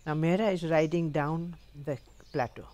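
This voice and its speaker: Speaking at normal speed in a low-pitched voice, an older woman at home shares comic tales from her past. Her storytelling is animated and punctuated by frequent laughter.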